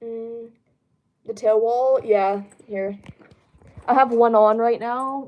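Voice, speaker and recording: A woman's voice: a little high, fairly even intonation, slow, pauses often, dull audio. A young woman chatting casually on a home stream, answering chat in a rambling way with lots of fillers. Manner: rambling, lots of ums, laughs easily. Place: home room.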